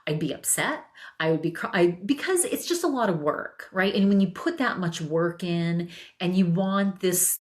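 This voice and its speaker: A woman's voice: on the low side, animated, normal speed. A woman hosting a solo podcast, chatting casually and telling a family story with lots of restarts and repeated words. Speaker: podcast host.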